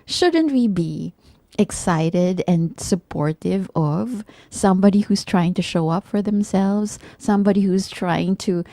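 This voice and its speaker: A woman co-hosting a heartfelt chat, her voice gravelly and low in brightness. She talks earnestly, almost preaching, about faith and self-growth. The sound is dry and close. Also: measured pace, no echo. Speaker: podcast co-host.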